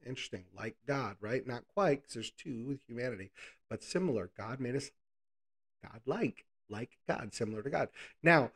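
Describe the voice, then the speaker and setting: A man's voice: mid-range voice, moderate pace, breathy edge. A man preaching a casual, conversational Bible lesson, asking the listeners rhetorical questions and adding playful asides.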